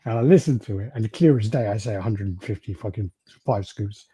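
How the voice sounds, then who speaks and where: A British man co-hosting a casual podcast, telling stories with frequent swearing and laughter. His voice is mellow and slightly husky. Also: on the low side, a little fast, no echo. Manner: storytelling, swears freely, laughs often. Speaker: podcast co-host. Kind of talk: casual chat.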